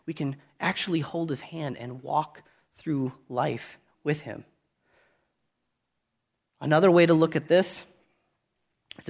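A man in his thirties preaching a sermon, earnest and conversational, rising loud on key points and dropping to quiet asides. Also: a little high.

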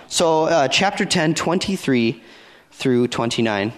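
A man's voice: high-pitched, lively intonation, moderate pace, a bit bright. A man preaching a conversational sermon, reading scripture aloud and acting out the dialogue in his own words. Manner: conversational, acts out the dialogue with repeated phrases. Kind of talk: sermon, Bible teaching.

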